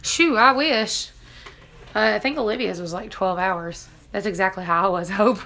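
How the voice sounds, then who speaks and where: Lady in her 30s chatting on a livestream, bright voice, laughs a lot, does everyone's lines. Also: medium pitch, normal speed. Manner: chatty, laughs often, acts out quotes. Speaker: vlogger reading live chat. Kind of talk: casual live-stream storytelling.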